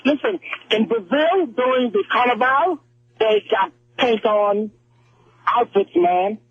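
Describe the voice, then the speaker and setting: A man's voice: very high voice, big pitch swings, slow, slightly rough, no echo. A male caller on a sports radio show, talking animatedly and calling the hosts "man" and "brother". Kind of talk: call-in radio chat. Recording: muffled phone line.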